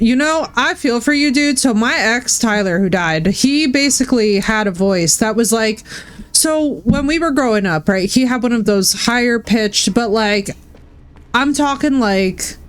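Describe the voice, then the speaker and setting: Chatty woman streamer, slightly high voice. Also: animated, a little slow, smooth. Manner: candid and chatty, swears freely, calls people bro and dude. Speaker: Twitch streamer. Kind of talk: casual live-stream chat while gaming.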